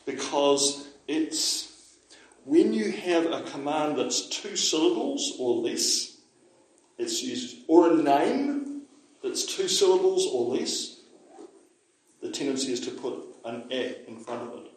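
A man's voice: fairly high pitch, very animated, takes it slowly. A man teaching a Māori language lesson to a class, chatty, explaining with asides and checking that his listeners follow. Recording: very echoey room.

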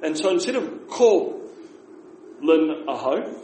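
A man with a New Zealand accent teaches a relaxed language class, slowing down to repeat each phrase. His voice sits fairly high yet sounds mellow. The room is echoey, with a faint hum of noise behind him. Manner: patient, explains slowly and repeats phrases.

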